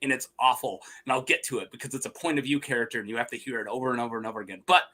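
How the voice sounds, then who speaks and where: Young male host, casual chat, bright forceful voice, chuckles through rambling stories. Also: medium pitch, steady tone, rapid-fire. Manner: laughs often, rambling, mimics voices. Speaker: podcast host.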